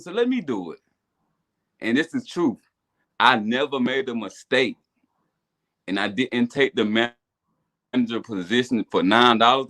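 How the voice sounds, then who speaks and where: A man speaks as a guest on a faith podcast, telling his story in a relaxed, conversational way. He often repeats words as he goes. He gets more animated and his voice climbs higher in excited stretches. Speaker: podcast guest, business owner. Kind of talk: casual testimony chat.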